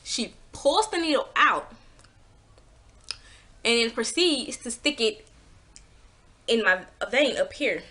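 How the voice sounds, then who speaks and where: A woman telling a personal story in a casual vlog, animated and exasperated, swearing freely and acting out what people said. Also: slow, pauses often. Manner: acts out quotes with pitch jumps.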